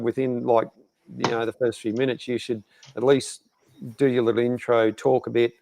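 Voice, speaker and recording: Gravelly Australian man, casual podcast chat, rambling, lots of ums. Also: mid-range voice, flat delivery, moderate pace, a little mellow, no echo. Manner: rambling, hesitant with many fillers. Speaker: podcast co-host.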